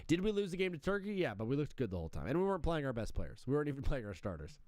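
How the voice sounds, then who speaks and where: A man's voice: mid-range voice, very animated, very fast, a little mellow, dry recording. A young man hosting a live sports stream, talking in a brash, joking, fired-up patriotic banter. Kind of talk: casual live-stream chat.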